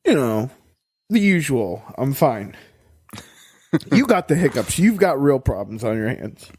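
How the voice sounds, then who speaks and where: A man's voice: medium pitch, big pitch swings, measured pace, darkish tone, husky. A man co-hosting a podcast in casual chat, congested with a cold, joking and teasing and laughing often. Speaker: podcast co-host.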